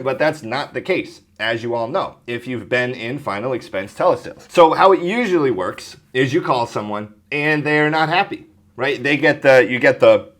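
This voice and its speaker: Brisk male insurance sales trainer. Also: medium pitch, fairly bright tone. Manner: brisk, coaching, often clears throat. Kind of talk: direct-to-camera sales training talk.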